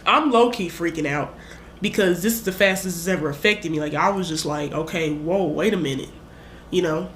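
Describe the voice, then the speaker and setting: A young woman vlogger with a lowish voice retells a story at a moderate pace, rambling casually and acting out her own lines with animation. The room is echoey, and there's slight background noise.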